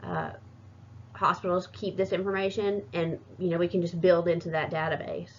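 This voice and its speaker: A woman's voice: on the low side, steady tone, normal speed, slight background noise. A woman giving a recorded class presentation, hesitant and full of fillers and restarts. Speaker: student presenter. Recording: muffled lo-fi recording.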